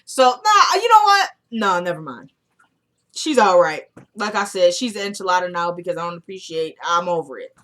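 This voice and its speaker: A woman's voice: lowish voice, expressive, normal speed, fairly bright tone. A young woman chatting casually as she recaps a TV episode, animatedly quoting the characters' lines in her own voice.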